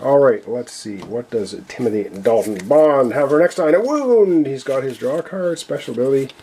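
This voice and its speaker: A man with a voice he says he is losing, commenting excitedly on his own solo board game play and counting cards aloud. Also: mid-range voice, moderate pace, breathy edge. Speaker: board game player and channel host.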